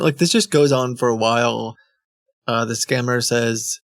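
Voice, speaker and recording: A man's voice: medium pitch, animated, normal speed, no echo, clean studio sound. A man streaming live, chatting casually and reading chat logs aloud with many ums and restarts.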